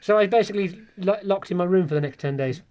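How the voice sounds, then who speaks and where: A young man, a comedian guest, telling a comic anecdote with animated storytelling. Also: high-pitched, quick pace. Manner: animated storytelling, acting out quoted voices.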